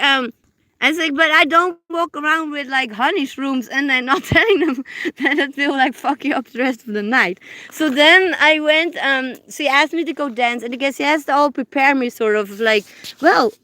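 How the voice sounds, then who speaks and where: A woman chatting on a live stream from her parked car, rambling with many fillers and restarts, and softly cooing to her dogs. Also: sits high, dry recording. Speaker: livestreamer. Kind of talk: casual live-stream chat. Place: parked car on public land.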